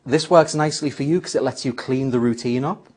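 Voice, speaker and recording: A man's voice: mid-range voice, a little fast, darkish tone, breathy edge. A man teaching a magic trick step by step, acting out the lines he says to a volunteer. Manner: explains step by step, acts out his patter lines. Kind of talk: spoken tutorial.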